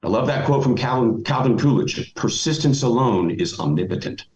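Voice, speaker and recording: A man's voice: mid-range voice, animated, moderate pace, a little mellow. A middle-aged man giving motivational advice as a podcast guest, emphatic and folksy. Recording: roomy, dull lo-fi audio.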